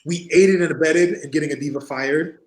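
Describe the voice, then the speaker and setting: A man who is a podcast guest and former wrestler, telling animated anecdotes in casual chat and acting out other people's voices. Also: a little high, a little fast. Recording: roomy echo.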